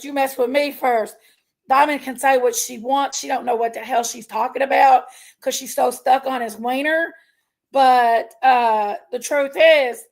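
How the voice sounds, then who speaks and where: A woman ranting to her viewers in a heated, casual way. She is emotional and fired up, and keeps telling herself to calm down. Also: sits high. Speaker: online commentary streamer.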